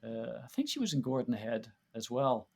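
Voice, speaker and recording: There's a breathy edge to this man's sing-song, medium-pitched voice, which moves at a moderate pace. He's a podcast guest reminiscing casually, his warm stories rambling along with many fillers and restarts.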